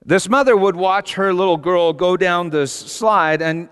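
Middle-aged man, pastor, sermon, animated, swings from soft to shouting, echoing hall. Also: high-pitched, normal speed, hardly any pauses, clear, resonant tone. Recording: long hall reverb.

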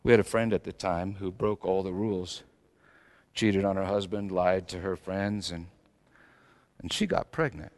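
A middle-aged male pastor preaching a sermon, swinging between loud emphatic lines and soft, low asides. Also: moderate pace.

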